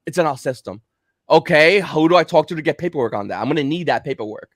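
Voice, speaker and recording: A man telling a story in casual chat on a livestream, acting out the quotes in an animated way. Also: fairly high pitch, fast, no room sound, studio quality. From Kentucky. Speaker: livestream guest.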